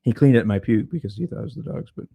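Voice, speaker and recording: A man's voice: medium pitch, lively intonation, very fast, creaky, husky, dry recording, muffled recording. A man who is a podcast guest, telling a story candidly with frequent swearing and stuttered restarts. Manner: frank, profane, repeats words when starting. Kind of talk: casual storytelling.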